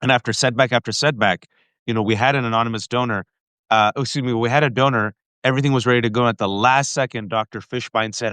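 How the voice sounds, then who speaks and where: Guest, man, earnest halting storyteller, mid-pitched, dry close sound. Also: a bit bright, no echo. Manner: earnest, halting, with restarts and frequent direct address. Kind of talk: emotional personal storytelling in an interview.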